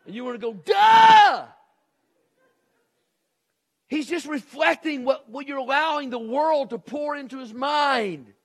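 A middle-aged male pastor preaching a sermon, swinging between shouted emphasis and hushed intensity. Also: extremely high pitch, moderate pace, few pauses.

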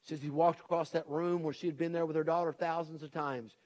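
A man's voice: on the high side, flat delivery, a little fast, a little mellow. A middle-aged man preaching a sermon as pastor, earnest and pleading, with repeated urgent appeals to his congregation.

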